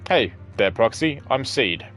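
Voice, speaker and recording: A man's voice: mid-range voice, expressive, unhurried, fairly bright tone, faint music behind. A man reading the lines of an odd, playful female mech soldier in his own casual voice, stumbling now and then. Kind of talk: reading game dialogue aloud.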